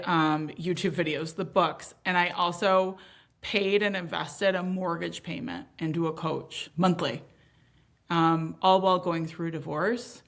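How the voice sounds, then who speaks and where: A woman in her thirties talks candidly as an interview guest, emphatic and animated, with a swear word here and there. Her voice is bright and clear. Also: lowish voice. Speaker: podcast guest.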